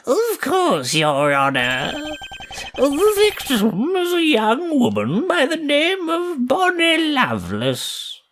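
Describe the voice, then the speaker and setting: A man doing a high, stammering prosecutor. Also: huge pitch swings, slow pace, fairly bright tone, exaggerated voice. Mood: nervous. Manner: stammering, fumbling words. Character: nervous, stammering male prosecutor.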